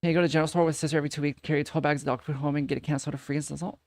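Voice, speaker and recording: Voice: medium pitch, fairly even intonation, rapid-fire, no room sound, clean studio sound. A streamer in casual reaction commentary, reading posts aloud and ranting about them in a profane, incredulous way with lots of repeated phrases.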